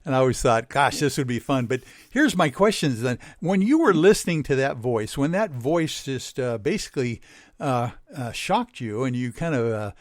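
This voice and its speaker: A man's voice: medium pitch, sing-song, normal speed, no room sound, clean studio sound. A male radio host asking long, winding questions in a casual, chatty way.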